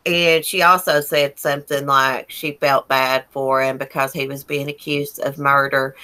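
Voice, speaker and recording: A woman's voice: sits low, bright, forceful tone. A woman, a guest on a podcast, talking bluntly and skeptically in casual chat and cursing casually.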